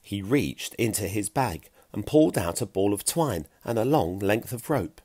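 A man narrating a children's storybook chapter with an animated, expressive reading. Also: fairly low pitch, normal speed, few pauses, slightly rough, no room sound, studio quality.

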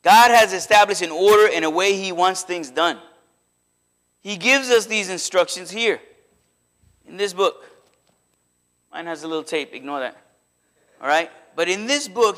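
A man preaching a sermon in a church, in a conversational, animated way that slips into acted quotes. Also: sits high. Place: church sanctuary.

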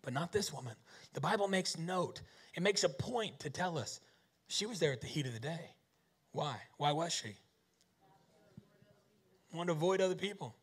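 A husky-voiced man preaches with bounce and humor, his pitch riding high and swinging wide. He keeps tossing questions at the crowd and joking his way through the point. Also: moderate pace, pauses often. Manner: animated, joking, rhetorical questions. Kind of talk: sermon.

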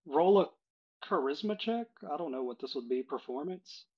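Brief: casual male game master, husky voice, dull lo-fi mic. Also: fairly high pitch, moderate pace. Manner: relaxed, casual, frequent "uh". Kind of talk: running a tabletop game online. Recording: dull lo-fi recording.

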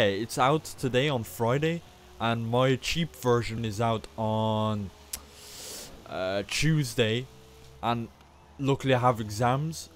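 Excitable young man narrating his gameplay. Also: mid-range voice, a little hiss or hum. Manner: excitable, self-mocking, exclaims often. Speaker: gaming YouTuber. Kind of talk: casual gameplay commentary.

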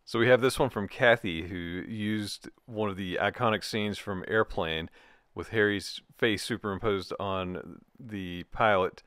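Guy with a lowish voice reading posts and cracking jokes, dry close sound. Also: fairly bright tone, smooth, no echo. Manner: jokey, laughs at his own jokes. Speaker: co-host. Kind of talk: casual commentary reacting to social media posts.

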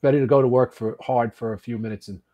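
Husky man in his sixties telling stories. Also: medium pitch, fast talker, highs cut off. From United States. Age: 60s. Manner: animated, swearing, trails off and restarts. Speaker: podcast guest, actor and volunteer firefighter. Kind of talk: casual storytelling.

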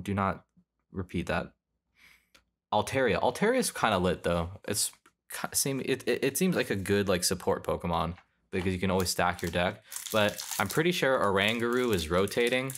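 A man's voice: low voice, fairly bright tone. A young man chatting casually while opening trading card packs, rambling and correcting himself as he goes. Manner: rambling, offhand, self-correcting. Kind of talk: casual pack-opening commentary.

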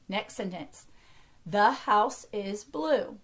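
A woman's voice: medium pitch, animated, slow pace. An American woman in her thirties, a teacher giving an early-grade reading lesson and carefully sounding out words for young children. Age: 30s.

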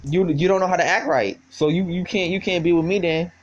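Talking fairly fast in a high voice over lo-fi audio, a young vlogger mocks someone on the phone, swearing freely. His speech is riddled with stammers and repeated words.

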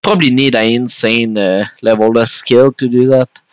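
A man's voice: medium pitch, steady tone, normal speed, clear, resonant tone, no room sound. A man with a French Canadian accent giving rambling, chatty commentary while he plays a game and talks to his viewers. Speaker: gaming streamer. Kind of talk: casual gameplay commentary.

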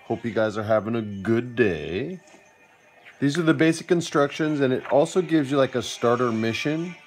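A man's voice: medium pitch, lively intonation, normal speed, soft background music. A man hosting a casual video about a tabletop game, laid-back and joking, with plenty of "like" and "uh". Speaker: host and game master.

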